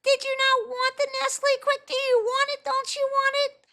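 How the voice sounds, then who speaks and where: A woman's voice: very high voice, completely flat delivery, moderate pace, sharp tone, voice pushed up, heavily acted. A woman putting on the voice of a sugary, babyish young mother who coos sing-song questions at her child. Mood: cooing.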